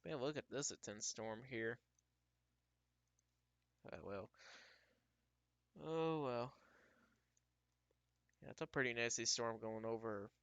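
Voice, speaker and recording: Bright, clear-voiced man tracking storms live. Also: mid-range voice, dry recording. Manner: thinking aloud, casual and unhurried with restarts. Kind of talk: live weather commentary.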